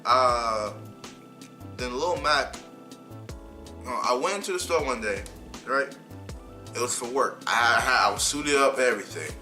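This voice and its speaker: A young man vlogger telling a heated, animated story about being fired, often repeating himself. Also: mid-range voice. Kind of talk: casual storytime rant.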